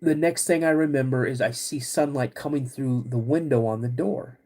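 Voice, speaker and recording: A man hosting a podcast, vividly retelling a personal story in a halting way, with many restarts. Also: mid-range voice, mellow. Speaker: podcast host.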